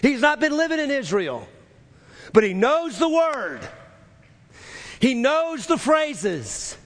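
High lively preacher in a big hall. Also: male voice, takes it slowly. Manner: emphatic, repeats key phrases, some shouted. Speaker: pastor. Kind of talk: sermon. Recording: long reverb of a large hall.

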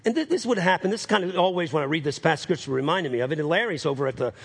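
A man preaching in a gravelly, husky voice, spinning a story from the pulpit. He has a New Orleans accent, and his voice sits a little high for a man. He keeps acting out the other people in the story as he tells it. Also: lively intonation, very fast. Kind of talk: sermon storytelling.

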